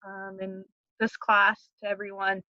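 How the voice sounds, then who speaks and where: Flat-voiced woman explaining a lesson plan. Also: mid-range voice, measured pace, no room sound. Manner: plain, steady explanation with fillers. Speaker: student teacher presenting a lesson plan. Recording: dry, dull lo-fi recording.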